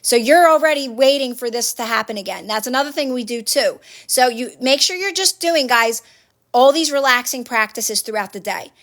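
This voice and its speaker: A woman's voice: on the high side, lively intonation, normal speed, a bit bright. A woman hosting a phone livestream, giving casual motivational advice to viewers in an earnest, repetitive coaching manner. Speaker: livestream host.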